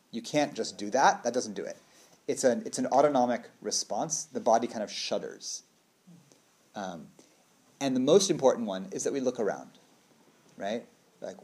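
A man talking as a trauma therapist in a relaxed, conversational way, often checking in with the listener and playfully acting out little quoted voices. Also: mid-range voice. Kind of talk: casual explanatory talk.

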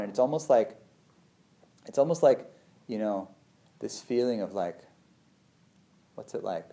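A man, a meditation teacher, giving a conversational talk on feelings and the body, who often acts out his inner voice with sudden lively jumps. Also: mid-range voice, normal speed, pauses often. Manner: conversational, many fillers and restarts. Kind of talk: reflective talk on feelings and the nervous system.

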